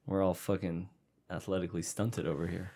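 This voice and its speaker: A man with a low, brisk voice and some vocal fry co-hosts a casual sports podcast. He swears a lot and stays jokey and animated throughout.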